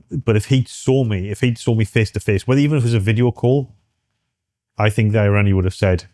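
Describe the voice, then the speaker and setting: A middle-aged man from the UK, speaking earnestly and haltingly as an interview guest, with many restarts. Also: fairly low pitch, dark tone, no room sound, studio quality. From United Kingdom. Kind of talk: candid personal interview.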